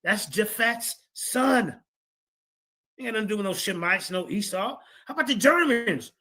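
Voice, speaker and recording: A man hosts a livestream, pushing back at an opponent in a heated debate rebuttal. His voice is bright and edgy, and he loops back over phrases while reading source after source aloud. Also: sits high, lively intonation, normal speed. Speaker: streamer host.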